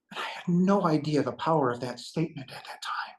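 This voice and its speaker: A man's voice: a little high, quick pace, poor audio. Earnest man telling a spiritual story. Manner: emphatic, repeats himself, rhetorical "right?". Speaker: interview guest.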